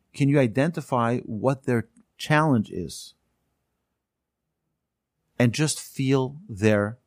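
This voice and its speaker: Earnest guy teaching a class, middle pitch, stops and restarts a lot, dead dry sound. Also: no echo. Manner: earnest, emphatic storytelling with many restarts; slows down to stress key phrases. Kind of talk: class talk with stories.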